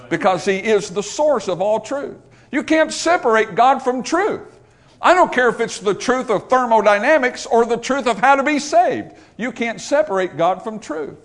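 A man preaching a sermon as pastor, emphatic, building through repeated rhetorical lines and questions. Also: high-pitched. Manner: emphatic, rising to forceful repetition, rhetorical questions.

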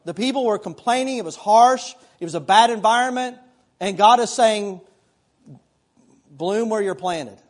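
A man's voice: high voice, moderate pace. A middle-aged male pastor preaching a sermon in a conversational way, mixing scripture with personal stories.

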